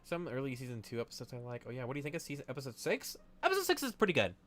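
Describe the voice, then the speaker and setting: Young guy streaming and yapping at chat, bouncy lively voice, bright, cusses a lot, faint music behind. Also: medium pitch, very fast. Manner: excitable, swears often, talks to chat. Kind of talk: casual live-stream chat while drawing.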